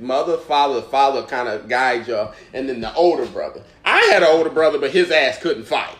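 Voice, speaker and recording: A man's voice: mid-range voice, fairly quick. A man co-hosting a casual talk show, joking around and asking his co-host questions. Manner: lively, joking, asks questions. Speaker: podcast co-host. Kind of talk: casual chat. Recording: echoey room.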